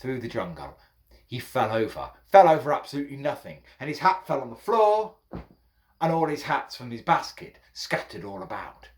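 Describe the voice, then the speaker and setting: A man telling a children's folk tale, playful and addressing listeners as his friends. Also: mid-range voice. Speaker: storyteller.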